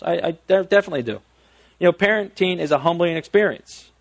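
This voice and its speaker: A man's voice: high-pitched, fast, gravelly. A man in his thirties preaching a conversational sermon on parenting, self-deprecating, with frequent restarts and friendly asides. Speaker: pastor.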